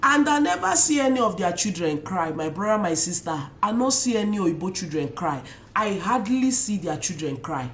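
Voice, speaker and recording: Nigerian woman, young adult, animated storytelling, roomy echo, faint background noise. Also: medium pitch, normal speed, hardly any pauses. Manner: animated, mixes Pidgin asides, imitates loud shouts. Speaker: vlogger. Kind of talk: casual storytelling to camera.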